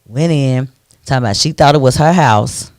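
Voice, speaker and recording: A man hosting a radio talk show, ranting in an animated, preachy way into a studio microphone. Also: mid-range voice, normal speed, no room sound.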